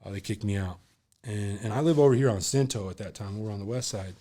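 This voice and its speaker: A man's voice: lowish voice, fast, warm tone. A man, a podcast guest, telling a candid personal story in a rambling, casual way full of fillers.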